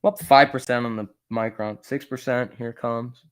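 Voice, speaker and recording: A man hosting a live stock trading stream, reading chat questions aloud and muttering about charts, then bursting out excitedly when prices move. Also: medium pitch, normal speed, clear, resonant tone. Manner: casual, swings from mutters to excited outbursts. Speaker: stock trading livestream host.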